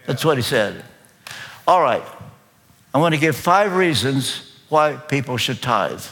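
Slow-preaching Kentucky pastor in a hall. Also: male voice, medium pitch, expressive, fairly bright tone. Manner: slow, deliberate, emphatic preaching. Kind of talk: sermon. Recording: long reverb of a large hall.

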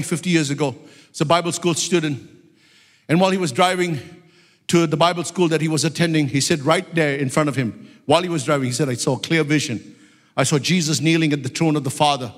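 Guy preaching hard, high voice, big echoey hall, shouts his prayers. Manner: impassioned, rising to shouts in fervent prayer. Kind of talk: sermon.

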